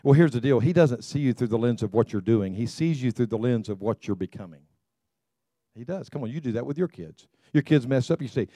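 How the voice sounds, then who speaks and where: A middle-aged man preaching a sermon in a conversational, animated way, often repeating and restarting phrases. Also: medium pitch, brisk, no room sound. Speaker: pastor.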